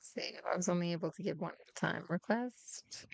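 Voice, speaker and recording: A woman's voice: lowish voice, fairly quick, creaky, no echo. Woman streamer, put-on Irish accent with an American edge, casual and profane, talking to chat and her cat at home. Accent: put-on Irish, Dublin-ish with a hint of American. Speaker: game streamer. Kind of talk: casual gameplay chat with viewers.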